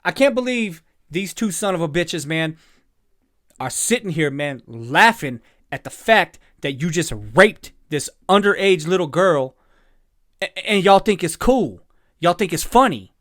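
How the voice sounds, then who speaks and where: A man speaks with a fairly high voice in a dry, close sound. He sounds upset and exasperated as he rants about a clip. He keeps swearing and then apologizing for it. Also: lively intonation, unhurried, fairly bright tone, no echo. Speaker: commentator reacting to a clip. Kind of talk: angry reaction commentary.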